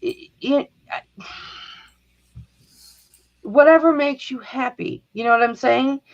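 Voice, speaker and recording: A middle-aged woman chatting casually on a livestream, telling stories in an animated way and acting out the people in them. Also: high voice, slow, creaky. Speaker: guest on a livestream. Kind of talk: casual chat, storytelling. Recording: dull lo-fi stream audio.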